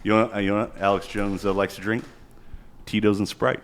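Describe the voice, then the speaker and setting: Low-voiced crude rambling podcast guy. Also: level tone, brisk. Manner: crude, rambling, jokey, swears a lot. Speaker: podcast co-host. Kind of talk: casual podcast chat.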